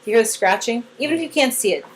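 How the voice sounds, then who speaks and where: A woman's voice: on the high side, lively intonation, very fast, a little hiss or hum, rough recording. A woman giving a casual one-on-one training session to a new team member, chatty and demonstrative as she acts out examples.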